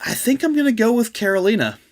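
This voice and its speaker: A man narrating his turn in a story game in quick, amused, casual talk. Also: very high voice, sing-song. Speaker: player.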